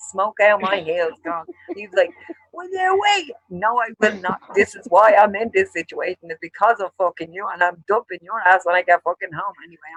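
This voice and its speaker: A man with an Irish accent, co-hosting a show and telling a long story, animated and full of swearing. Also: sits high, slightly rough, poor audio. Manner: profane, animated storyteller acting out quarrels. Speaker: show co-host. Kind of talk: casual storytelling chat.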